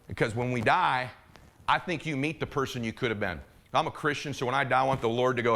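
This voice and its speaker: A middle-aged man giving a motivational speech, impassioned and swinging between urgent and hushed, intimate moments. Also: medium pitch, expressive, fast, creaky. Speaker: motivational speaker.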